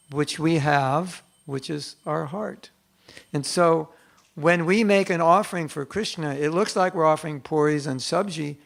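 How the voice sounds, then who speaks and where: An older man giving a devotional class, earnest and conversational, softly acting out quoted prayers. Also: on the high side, vocal fry. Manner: earnest and conversational, acts out quotes in soft hushed tones. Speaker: spiritual teacher giving a class.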